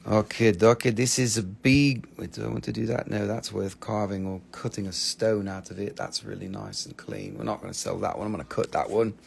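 A man's voice: on the low side, expressive, a little fast, vocal fry, few pauses, a little hiss or hum. A man selling stones on a live shop stream, in joking patter with playful broken English. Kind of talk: live sales pitch.

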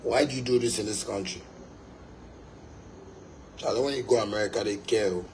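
A man's voice: on the low side, a little fast, darkish tone, slight background noise, low-quality recording. A young Ghanaian man, a musician, delivering a fiery, emphatic monologue to his fans, repeating his points and slipping into pidgin.

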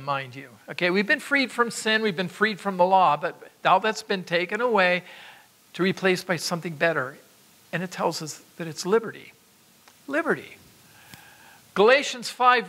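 A man's voice: high voice, pushed and bright. A man preaching a sermon, exhorting his listeners with emphatic repetitions and asides to them. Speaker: pastor.

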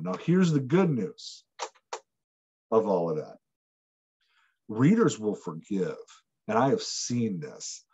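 A man hosting a solo podcast, explaining writing craft in an animated, emphatic way with playful asides. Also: mid-range voice, breathy edge, highs cut off. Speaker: podcast host.

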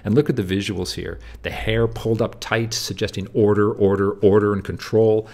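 Gravelly man lecturing over slides. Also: lowish voice, flat delivery, normal speed, a little mellow. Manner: repeats "do you see?", many fillers and restarts. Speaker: literature teacher.

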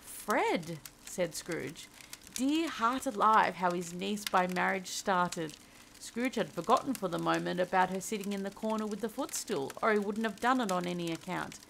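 A woman reading a classic story aloud as a cosy ASMR bedtime tale, soft and gentle, giving the characters their lines. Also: fairly low pitch, moderate pace, creaky, a little hiss or hum, low-quality recording.

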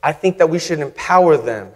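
A man preaching a sermon as guest preacher, measured and humorous, with emphatic pauses. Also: on the high side, animated. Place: church sanctuary. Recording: reverberant church hall.

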